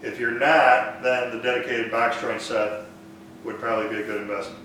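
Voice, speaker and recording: Man, woodshop host, relaxed Q&A, far mic, big room echo. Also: medium pitch, normal speed, slight background noise. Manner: relaxed, thinks aloud with fillers. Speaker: woodworking live stream host. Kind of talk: casual live Q&A, reading viewer comments. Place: woodworking shop.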